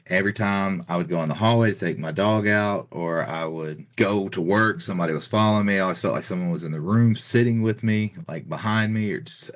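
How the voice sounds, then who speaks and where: Man, middle-aged, very low voice, loose rambling storyteller, guest on a chat show. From Texas. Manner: rambling, filler-heavy retelling with many "you know" and "like". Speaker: podcast guest. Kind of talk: casual storytelling.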